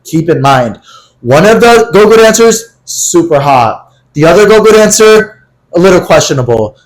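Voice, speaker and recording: A man's voice: sits high, moderate pace, rough recording. A young man co-hosting a podcast, telling a story in a casual, dramatic way with acted-out quotes and plenty of swearing. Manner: animated, dramatic quoted voices, swears freely. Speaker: podcast co-host.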